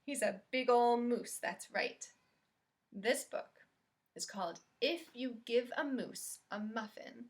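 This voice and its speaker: A woman reading a picture book aloud to children as a librarian, in an expressive, friendly storytime voice. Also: fairly high pitch, slow.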